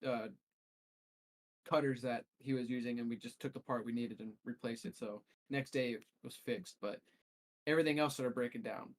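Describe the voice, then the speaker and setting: A man's voice: medium pitch, fairly even intonation, moderate pace. A man telling a long, rambling story as a co-host in a casual podcast chat. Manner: rambling storyteller, restarts often.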